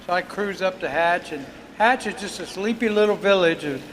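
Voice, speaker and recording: An older man with a notably high voice tells a long, rambling story. He talks casually, with plenty of pauses and fillers. Faint noise hangs in the background of the outdoor stage. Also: a bit bright, rough recording. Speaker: guest storyteller. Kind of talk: casual anecdote.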